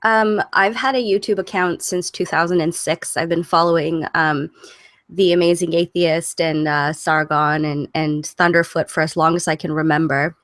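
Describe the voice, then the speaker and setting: A Canadian woman born in southern England, a guest on a video call, speaking in a measured, hesitant way while losing her voice. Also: lowish voice, fairly even intonation, fairly bright tone, no echo, studio quality. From southern England, raised in Canada. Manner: measured, hesitant with many ums. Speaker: guest content creator. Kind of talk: casual online chat.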